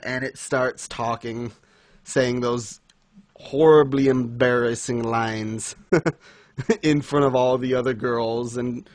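A man's voice: mid-range voice, no echo. A man chatting casually on a podcast, recapping a manga chapter with frequent laughter and enthusiasm. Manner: giggly, enthusiastic, laughs often while recapping. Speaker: podcast co-host. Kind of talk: casual manga review chat.

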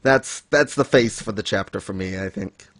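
A man's voice: moderate pace, a bit bright, dry recording. Chatty man with a dry sound. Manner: laughs often, acts out characters in high voices. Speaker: podcast co-host discussing manga. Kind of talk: casual chat.

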